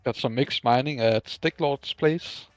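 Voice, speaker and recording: A man from Scandinavia co-commentates a game in brief, easygoing remarks. His voice has a middle pitch and a dry sound, with faint music in the background. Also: a little slow, no room sound. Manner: brief relaxed replies.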